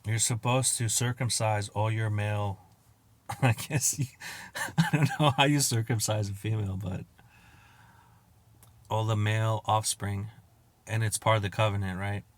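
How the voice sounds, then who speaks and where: A man hosting a podcast, riffing in a crude, profane monologue, laughing at his own jokes and acting out quotes with loud outbursts. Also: lowish voice, fairly even intonation, unhurried, pauses often. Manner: acts out quoted exchanges with sudden loud outbursts. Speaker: podcast host. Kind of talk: casual comedic monologue.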